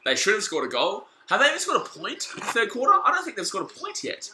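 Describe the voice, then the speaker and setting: A young Australian man commentating a footy match live for his stream as a fan, shouting at the players and reading viewers' chat aloud. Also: high-pitched, wildly swooping pitch, fast talker, noisy background. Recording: echoey room.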